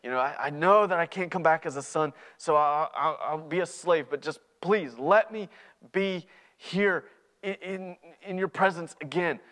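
A man's voice: very high-pitched, lively intonation, brisk, fairly bright tone, pitched above the performer's own voice. A man playing a repentant younger son in a sermon parable, talking earnestly with stumbling restarts. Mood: pleading. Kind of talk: sermon storytelling.

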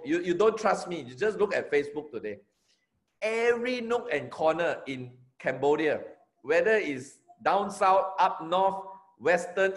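A middle-aged Malaysian man with a Malaysian accent, giving an energetic, emphatic motivational talk as a network marketing trainer and repeating his key phrases. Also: high voice.

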